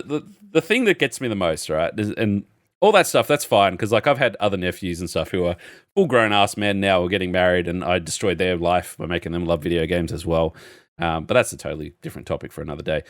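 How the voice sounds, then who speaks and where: A man's voice: low voice, animated, fast, dry recording, clean studio sound. A young Australian man co-hosting a podcast, chatting casually and laughing often as he reads out chat messages. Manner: laughs often while reading chat logs aloud. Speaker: podcast co-host.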